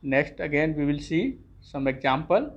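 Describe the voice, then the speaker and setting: A teacher giving a phonics lesson to young children, spelling each word letter by letter and then saying it clearly. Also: mid-range voice, big pitch swings, moderate pace, muffled recording.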